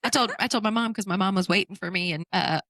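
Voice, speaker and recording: A woman's voice: medium pitch, fast talker, pushed and bright, no echo. A woman in her thirties hosting a casual podcast chat, laughing often as she tells stories. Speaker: podcast host.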